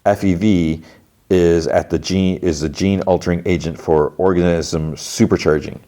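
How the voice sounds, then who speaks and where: Deep-voiced man recapping casually. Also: steady tone, moderate pace, warm tone. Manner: chatty, full of "like" fillers, acts out dialogue. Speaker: podcast host.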